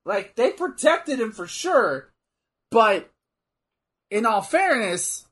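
A man in casual chat about old wrestling, blunt and swearing freely, with animated bursts. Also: extremely high pitch, slow pace.

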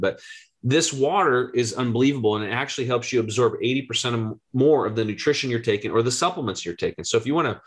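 A man in his forties, a health coach, telling an animated story in an interview and acting out the voices he quotes. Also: mid-range voice. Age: 40s. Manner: excitable, rapid, acts out quoted voices.

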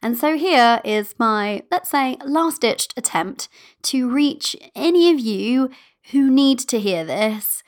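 A woman's voice: on the high side, lively intonation, slow. A woman hosting her own podcast, chatting in a bubbly, playful and affectionate way and giggling often. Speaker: podcast host and manifestation coach. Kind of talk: casual solo podcast chat.

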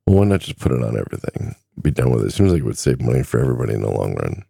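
Very deep gravelly man, rambling podcast host. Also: sing-song, very fast, dark tone, no room sound, clean studio sound. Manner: rambling, easygoing, self-deprecating. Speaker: podcast host and truck driver. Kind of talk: casual solo podcast chat.

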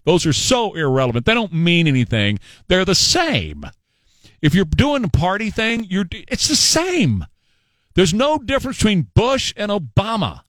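A man's voice: high voice, wildly swooping pitch, normal speed, a bit bright, no echo. A man hosting talk radio, combative and sarcastic in his commentary. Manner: combative and sarcastic, mocking voices of others.

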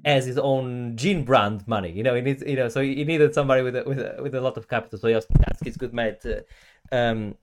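A man's voice: mid-range voice, steady tone, fast talker, darkish tone. A man co-hosting a podcast, chatting casually and rambling with many restarts and fillers. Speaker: podcast co-host. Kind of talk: casual chat.

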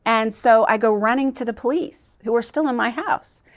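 A woman's voice: on the high side, moderate pace. A woman guest in an interview, telling a personal story in an earnest, emotional way that halts at times.

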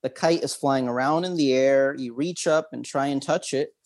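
A man's voice: mid-range voice, normal speed. A man, a memory expert guest on an interview, leading a listener through a visualization exercise in an upbeat, instructive way with frequent chuckles.

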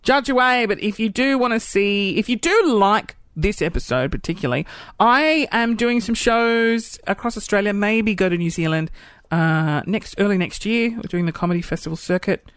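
A man chats loosely on his podcast, poking fun at himself as he rambles. His pitch swings widely and freely. He sits close to a dry microphone with no room sound. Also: animated, moderate pace, a bit bright, clean tone, dry recording. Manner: rambling, self-deprecating. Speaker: podcast host. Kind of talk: casual podcast chat.

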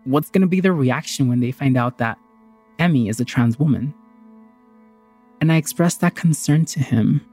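A woman's voice: rumbling low, moderate pace, pauses often, darkish tone, breathy edge, soft background music. A woman telling a personal story in a candid, heartfelt, conversational way.

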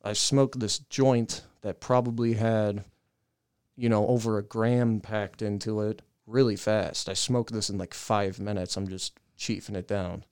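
A young man on a podcast, telling a long profane story in a casual, animated way and laughing as he goes. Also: on the low side, unhurried, clean tone. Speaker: podcast co-host.

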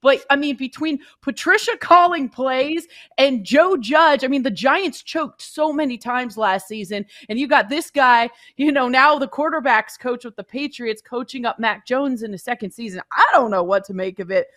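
Woman, sports talk co-host, high voice, animated, dry recording. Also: moderate pace, dry recording.

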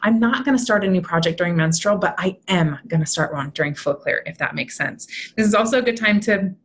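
A woman's voice: on the low side, quick pace. A woman in her thirties, a mentor and podcast guest, explaining in an upbeat, chatty way and often checking in with "right?". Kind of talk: podcast conversation.

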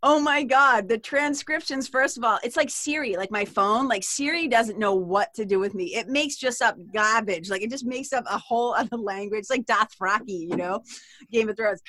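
A woman with a Boston accent, chatting as a podcast guest in a lively, rambling way with frequent laughs. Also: a little high, normal speed, no echo. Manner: chatty and animated, given to tangents and laughter. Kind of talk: casual interview chat.

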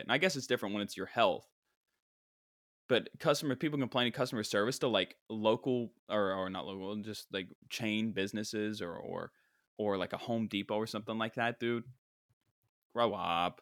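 A young man talks through a casual podcast rant with a wry, self-mocking edge. His voice sits on the low side. The sound is dry and close, with no room around it. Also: moderate pace, a bit bright, no echo. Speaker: podcast host. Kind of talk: casual monologue.

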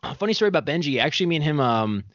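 A man's voice: on the high side, very animated, rapid-fire, fairly bright tone, no room sound. Young man rambling through a story. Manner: rambling storyteller, laughing often, full of fillers. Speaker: podcast host. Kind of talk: casual chat. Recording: dull, dry sound.

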